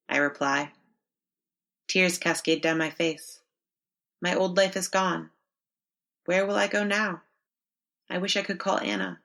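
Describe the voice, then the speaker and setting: A woman narrating a first-person horror story in a measured, expressive read. Her voice sits slightly low but rings bright and forward. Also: creaky.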